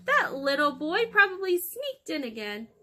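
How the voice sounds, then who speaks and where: A woman playing the giant's bossy, impatient wife from a storybook, cutting in with brisk, dismissive lines. Her voice sits high and bright, with a sharp, snappy edge. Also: very animated, heavily acted. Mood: scolding.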